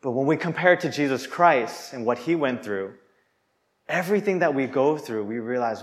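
A man's voice: mid-range voice, lively intonation, moderate pace. Earnest young man preaching a sermon. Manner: earnest, conversational with many restarts.

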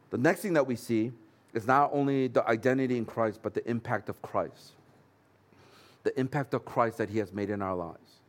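A man's voice: medium pitch, a little mellow. A man pastor preaching a sermon in an earnest, conversational way with light humorous asides.

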